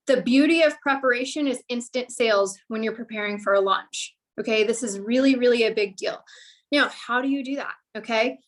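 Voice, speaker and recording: A woman giving an energetic motivational talk to a sales team, coaching and upbeat and a bit out of breath. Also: high-pitched. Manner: upbeat, coaching, repeats "okay?". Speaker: guest speaker on a sales team call.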